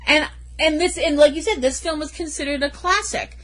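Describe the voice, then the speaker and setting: A woman co-hosting a casual film podcast, playful and punning, quick to laugh at herself. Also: sits high. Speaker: podcast co-host.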